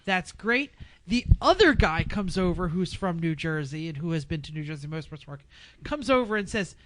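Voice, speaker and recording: A man co-hosting a casual podcast, telling animated stories and acting out other people's lines. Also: a little high, moderate pace, dry recording. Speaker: podcast co-host.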